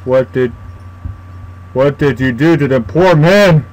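A man's voice: medium pitch, slow, a little mellow, poor audio. A young man commentating a horror game as he plays, frightened, swearing and talking to himself. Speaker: gaming YouTuber.

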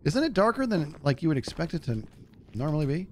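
A man streaming a game, telling a story in a casual way and acting out the people in it with a higher voice, laughing often. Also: fast, slight background noise. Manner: animated, acts out quotes in a higher voice, laughs often. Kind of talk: casual storytelling while gaming.

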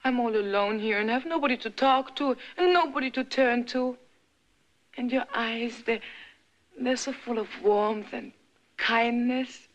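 A woman's voice: on the high side, unhurried, close to an everyday voice. Flirty French actress, as a woman plays her. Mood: coaxing. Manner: flirtatious, coaxing, breathless. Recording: dull 1960s film soundtrack, faint hiss.

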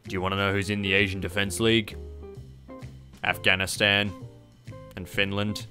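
A man with an Australian accent giving casual, sweary, excitable commentary while playing a strategy game on a close mic. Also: lowish voice, normal speed, soft background music. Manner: sweary, excitable, sarcastic asides. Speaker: gaming YouTuber.

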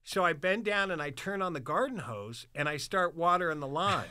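A man's voice: fairly high pitch, moderate pace, no room sound. A man telling wild stories in a casual chat, cursing freely and acting out the other people's voices. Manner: swearing, animated, acts out voices in his stories. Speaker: guest storyteller. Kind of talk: casual storytelling on a podcast.

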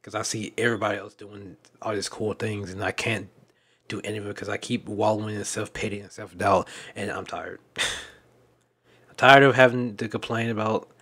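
A young man talking candidly in a personal vlog, weary and emotional, speaking haltingly with sighs and repeated restarts. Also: fairly low pitch, bright, forceful tone. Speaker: fan dub director and content creator.

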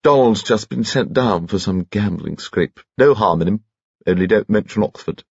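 A man voicing a small, round, elderly aristocratic gentleman with an extraordinarily high-pitched voice and old-fashioned colloquial talk. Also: moderate pace, gravelly, slightly rough, no room sound, muffled recording. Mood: cheerful.

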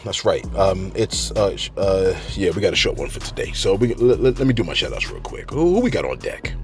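A man's voice: sits low, fairly quick, soft background music. A man hosting a celebrity gossip channel, chatting casually and telling stories with lots of laughter. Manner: animated storyteller, laughs often, acts out quotes. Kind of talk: casual commentary.

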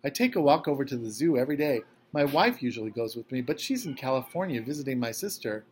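A man reading aloud, voicing a cheerful, lonely old retired electrician who gets childishly excited. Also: medium pitch, quick pace, slight background noise, lightly acted. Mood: eager.

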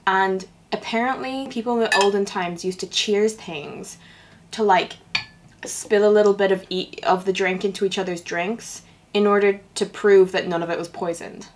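A woman's voice: medium pitch, steady tone, moderate pace. A woman hosting her channel, reading fan fiction aloud with comedic commentary and sarcastic, sardonic asides. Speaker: channel host.

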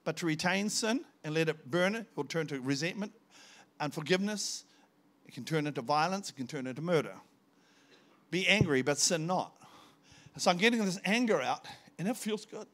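A man's voice: on the high side, moderate pace. An older man, a visiting preacher telling a personal testimony in a sermon and acting out the dialogue. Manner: animated storytelling, acting out dialogue.

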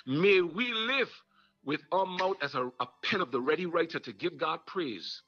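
A man's voice: on the high side, animated, normal speed, a bit bright, husky. A young man with a Virgin Islands accent, preaching a fervent sermon testimony in a repetitive, rousing cadence. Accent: Virgin Islands Creole English. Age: young adult. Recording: dull lo-fi recording.

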